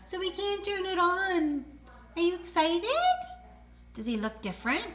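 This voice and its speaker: A woman's voice: extremely high pitch, lively intonation, a little slow, fairly bright tone. A woman filming her parrot at home, talking to him in sing-song baby talk, cooing, gasping and laughing often. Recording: echoey room with faint noise.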